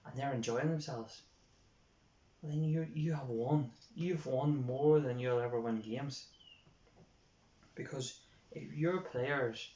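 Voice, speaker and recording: A man's voice: medium pitch, darkish tone. Earnest Irish man in a roomy room. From Ireland. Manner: earnest, repeats phrases for emphasis. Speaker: youth sports coach. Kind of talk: informal coaching talk. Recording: roomy, dull lo-fi sound.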